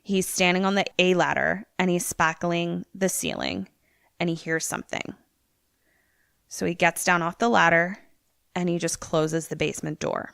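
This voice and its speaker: A woman with a bright, forceful tone and a somewhat low voice, chatting as a podcast co-host. She retells a story animatedly and swears casually. The sound is dry and close. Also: normal speed, creaky, clean tone, no room sound.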